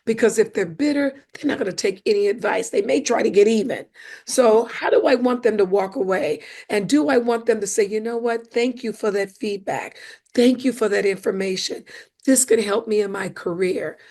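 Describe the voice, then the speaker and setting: A woman speaker and coach, a guest on a podcast, explaining communication with animated emphasis and acted-out examples. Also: mid-range voice, moderate pace.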